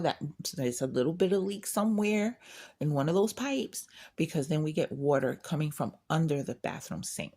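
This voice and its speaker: A woman with a notably low, deep-set voice talks in a loose, unscripted chat. She vents candidly about her day, rambling along and often restarting her sentences. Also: darkish tone. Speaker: craft channel host. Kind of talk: casual chat.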